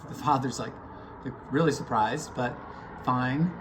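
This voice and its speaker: A man's voice: mid-range voice, a little slow, noisy background. A man sending a casual video message to a friend, telling jokes in a hesitant way with many ums and restarts.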